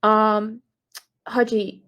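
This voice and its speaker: A woman's voice: mid-range voice, little pitch movement, drawn-out words, fairly bright tone, lo-fi sound. Iranian woman retelling a story, hesitant. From Iran. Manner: hesitant, many fillers and restarts. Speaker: correspondent recounting a news story. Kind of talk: casual retelling of a written account.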